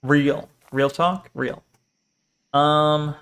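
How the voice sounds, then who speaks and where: A man's voice: on the high side, steady tone, very slow, a bit bright, clean tone. A man casually chatting and joking while streaming a game, reading chat aloud and swearing now and then. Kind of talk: casual live game commentary.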